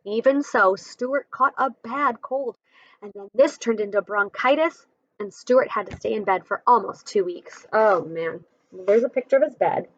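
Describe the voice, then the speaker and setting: A woman's voice: mid-range voice, moderate pace, no echo, lo-fi sound. A woman reading a children's chapter book aloud, adding friendly explanations between passages.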